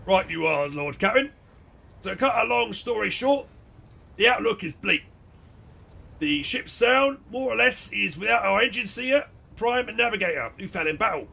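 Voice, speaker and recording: A man's voice: high voice, expressive, moderate pace, creaky, sharp tone, pitched above the performer's own voice, full character voice. A man voicing a blunt, gloomy ship helmsman in a game.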